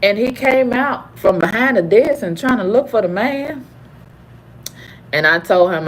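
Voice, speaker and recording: A woman's voice: lively intonation, unhurried, slight background noise. Furious woman in her fifties ranting. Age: 50s. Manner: angry, profane, repetitive ranting; swings from low growls to high cries. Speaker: vlogger. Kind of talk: heated storytime monologue.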